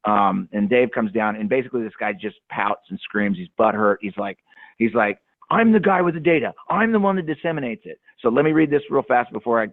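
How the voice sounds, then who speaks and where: Low-pitched man, rambling caller, thin phone-line sound, dry. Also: no echo. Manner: rambling, with many fillers and restarts. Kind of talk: casual storytelling.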